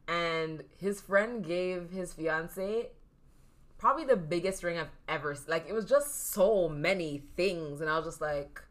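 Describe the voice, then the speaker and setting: A woman co-hosting a podcast in casual chat, animated and laughing often. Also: fairly low pitch, a little slow. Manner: animated, laughing, mimics others. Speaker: podcast co-host.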